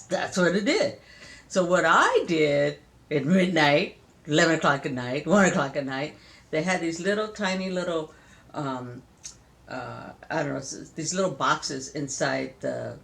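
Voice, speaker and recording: An older grandmother from Southern California talks casually to a grandchild, playful and chatty with easy laughter. Her pitch moves around a lot as she explains things. It sounds like an informal home lesson. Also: a bit bright. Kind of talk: casual spoken lesson to a child.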